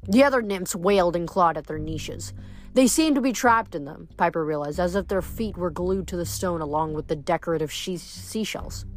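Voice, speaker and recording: A woman reading a novel aloud in a steady storytelling voice. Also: sits low, normal speed, soft background music. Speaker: audiobook reader.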